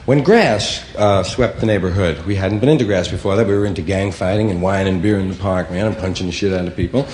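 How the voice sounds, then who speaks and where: A man telling loose, rambling stories in rough street slang. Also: low-pitched, fast talker, few pauses, darkish tone, roomy sound, slight background noise. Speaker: storyteller. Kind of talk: spoken storytelling.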